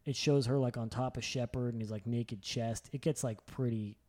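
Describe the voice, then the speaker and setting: A young man chatting casually and excitedly, rambling with lots of filler words and swearing. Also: medium pitch, moderate pace. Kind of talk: casual chat.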